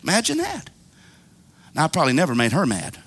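A middle-aged man preaching a fiery sermon. He talks in a folksy, plain-spoken way, calls out to the congregation for responses, and swings from shouts to hushed pleas. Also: a little high, huge pitch swings, a little fast, a little hiss or hum.

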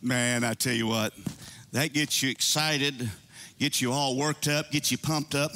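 A man preaching a sermon to his church, animated and climbing into high excited calls. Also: a little slow, a little hiss or hum. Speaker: pastor.

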